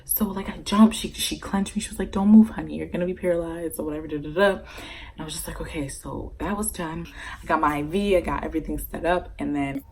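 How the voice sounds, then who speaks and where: A young woman vlogger talking straight to her camera, swearing freely in a loose, animated story-time. Her voice sits a little low for a woman. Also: brisk, slight background noise, poor audio. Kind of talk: casual story-time vlog.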